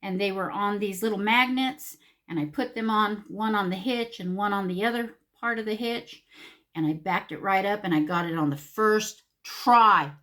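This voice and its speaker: A woman's voice: medium pitch, normal speed, sharp tone. A middle-aged woman, chatting animatedly and full of fillers while she does her makeup for a get-ready-with-me video. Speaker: beauty vlogger.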